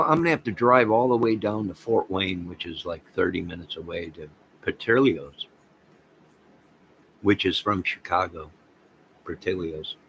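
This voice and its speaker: A man hosting a casual livestream, rambling excitedly and talking to viewers by name. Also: low voice, creaky, a little hiss or hum, low-quality recording. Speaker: livestream host reading chat.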